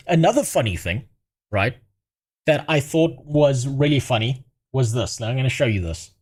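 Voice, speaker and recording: A man's voice: mid-range voice, lively intonation, normal speed, darkish tone. A man from Africa, doing crude, profane livestream commentary and laughing at his own jokes. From South Africa.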